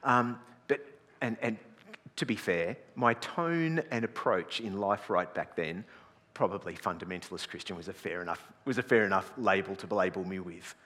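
In a big hall with long reverb, a middle-aged pastor tells his story as a sermon, his voice slightly low, bright and forceful. He's expressive and speaks at normal speed, chatty and self-deprecating, frequently starting sentences over.

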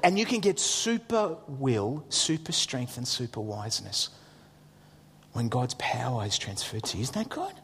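A middle-aged man, preaching a sermon as a pastor with lively storytelling and jokey asides. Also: mid-range voice, unhurried, long reverb tail, slight background noise.

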